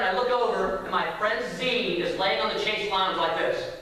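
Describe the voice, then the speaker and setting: A man preaching, telling a family story with lively acted-out voices. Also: sits high, normal speed. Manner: animated storyteller acting out voices. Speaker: pastor. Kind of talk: sermon storytelling. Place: church sanctuary. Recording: echoey hall from far off.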